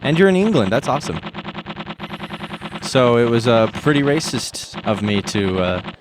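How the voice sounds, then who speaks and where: A man's voice: mid-range voice, big pitch swings, moderate pace, background noise. A man chatting casually with viewers on a live stream, rambling and self-deprecating. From United States.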